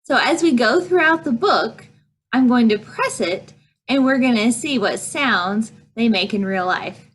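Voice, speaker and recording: A woman librarian reading picture books aloud at a preschool storytime, slow and sing-song, breaking into animal noises. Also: a little high, lively intonation, a little hiss or hum. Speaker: children's librarian.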